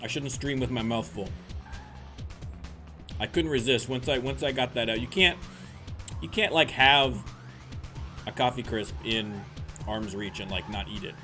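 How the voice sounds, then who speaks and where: A man's voice: mid-range voice, measured pace, pauses often, bright, forceful tone, soft background music. A Canadian man with a Canadian accent, casually chatting and joking to viewers while streaming a game. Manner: chatty, joking asides, talks to chat. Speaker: gaming streamer. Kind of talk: casual let's-play commentary.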